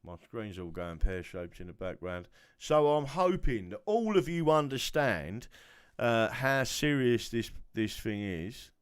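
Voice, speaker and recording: A tired man hosting a casual livestream, rambling and chatty, often trailing off into low muttering. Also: big pitch swings, unhurried, hardly any pauses, clean tone, no echo, clean studio sound. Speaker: livestream host.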